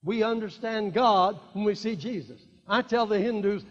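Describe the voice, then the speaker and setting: An older man preaching a sermon, swinging between quiet asides and loud emphatic declarations and repeating key lines. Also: high-pitched, normal speed. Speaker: evangelist. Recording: dull lo-fi recording in a reverberant hall.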